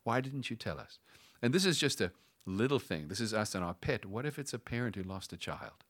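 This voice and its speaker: A middle-aged man delivers a sermon in a fairly low voice. He drags key phrases out with long dramatic pauses and now and then sinks into a hushed whisper. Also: expressive. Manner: preaching with dramatic pauses, dropping to a whisper at times. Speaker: pastor.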